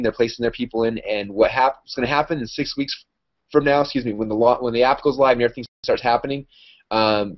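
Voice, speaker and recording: A man in a casual online hangout, talking excitedly and rambling through a promotional pitch with lots of fillers. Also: muffled recording. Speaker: internet marketer promoting an opportunity.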